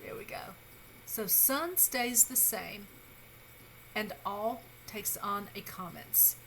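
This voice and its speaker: A woman's voice: medium pitch, slow pace, fairly bright tone, slight background noise, poor audio. A woman instructor giving a recorded grammar lecture, patient and reassuring, with frequent fillers and small self-corrections.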